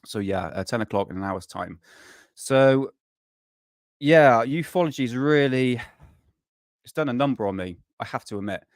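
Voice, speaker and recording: A man's voice: medium pitch, expressive, moderate pace, pauses often, dry recording, studio quality. A man hosting a casual live stream, rambling and swearing freely, worn out and burnt out, chatting to viewers. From United Kingdom.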